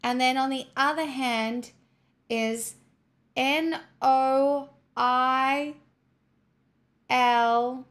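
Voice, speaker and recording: A woman's voice: sits high, steady tone, extremely slow, pauses often, fairly bright tone, clear, resonant tone. A woman livestreamer chatting casually with her viewers, using sarcastic, mock-corporate girlboss patter.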